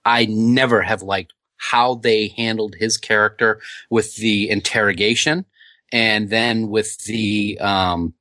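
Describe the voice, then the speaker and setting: A man's voice: lowish voice, steady tone, takes it slowly, pushed and bright, no echo. A man co-hosting a casual fan podcast, rambling with frequent ums and restarts. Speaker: podcast co-host.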